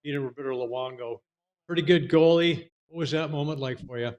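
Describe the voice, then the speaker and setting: A man's voice: mid-range voice, fairly quick, darkish tone. Conversational male sports interview host. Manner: conversational, leading questions with fillers. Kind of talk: interview questions.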